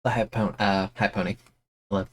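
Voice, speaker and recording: A young man streaming a game, complaining in an exasperated, self-mocking way, with sudden high-pitched outbursts. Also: steady tone, a little fast, fairly bright tone. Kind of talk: casual live-stream commentary.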